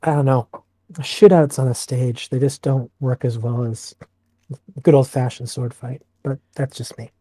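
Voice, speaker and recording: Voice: medium pitch, steady tone, normal speed, dark tone, no echo. A player in a tabletop game, musing in an offhand way. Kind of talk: casual tabletop chat.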